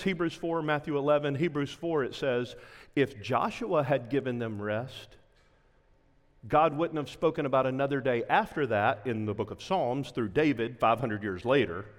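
A man preaching a sermon as a pastor, impassioned, dropping to a hush at times. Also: mid-range voice, long reverb tail.

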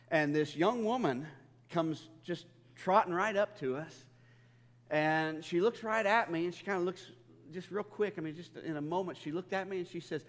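A man's voice: on the high side, big-room sound. A man preaching a sermon, telling stories with humor and often repeating his words as he goes. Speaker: pastor.

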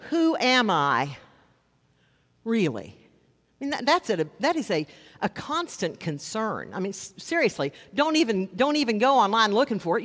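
Wry pastor preaching in a reverberant hall. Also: male voice, high-pitched, fairly bright tone. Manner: conversational, wry asides, slows down for emphasis. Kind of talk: sermon. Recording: long reverb of a large hall.

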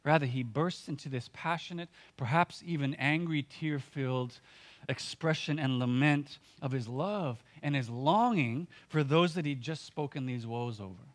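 A male pastor delivers a sermon in an earnest, conversational way. He talks through his points with casual filler words and quick restarts, at an ordinary mid pitch.

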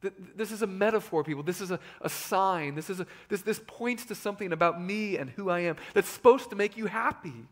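A male pastor in his thirties preaches with animated energy. His voice sits a little high for a man. He swings from loud, emphatic lines to soft, hushed asides. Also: brisk, few pauses. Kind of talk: sermon.

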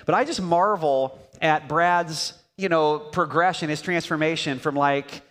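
Male pastor, church intro, somewhat high voice, long hall reverb. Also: a little slow. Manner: warm-hearted, rambling with fillers. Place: church sanctuary.

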